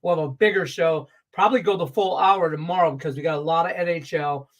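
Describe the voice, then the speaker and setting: Middle-aged male handicapper, pitched a bit high, blunt, cursing, loose and rambling. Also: quick pace. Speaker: sports betting handicapper. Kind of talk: casual betting-picks show talk.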